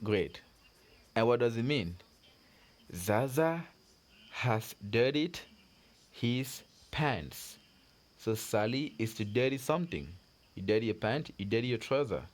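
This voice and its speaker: A man's voice: medium pitch, expressive. A man teaching French pronunciation to learners, repeating words and giving patient encouragement. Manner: drills words slowly with repetitions. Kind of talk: slow pronunciation lesson.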